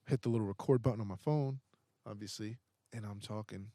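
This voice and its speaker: Brisk and lowish in pitch, the young man spins his story as a podcast guest in an animated, casual way, packing it with swearing and fillers. The sound is dry.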